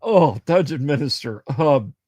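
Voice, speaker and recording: A man chatting on his livestream, rambling and often cutting himself off mid-sentence as he answers viewer comments. His voice sits a little higher than most men's. The sound is close and dry, with no room around it. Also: lively intonation, measured pace, darkish tone, no echo. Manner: rambling, self-interrupting, chatty. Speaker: livestream host. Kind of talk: casual livestream chat.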